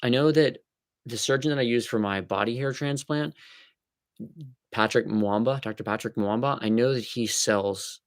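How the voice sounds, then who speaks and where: A man's voice: medium pitch, normal speed, no room sound, clean studio sound. A man hosting a casual live stream, chatty and joking as he answers viewers by name.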